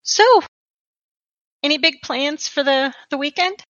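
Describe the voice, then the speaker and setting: A woman doing a sunny, eager young clerk with a high, bright voice that trips over its words. The sound is dry and a little dull, close to the mic. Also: unhurried, no room sound. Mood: shy hopeful.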